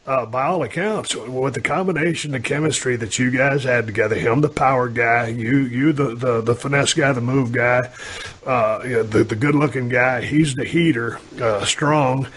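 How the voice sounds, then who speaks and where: A man's voice: mid-range voice, moderate pace, a bit bright, husky. A man hosting a podcast interview in a casual, conversational way. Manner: drawling, conversational, uses y'all. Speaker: podcast host.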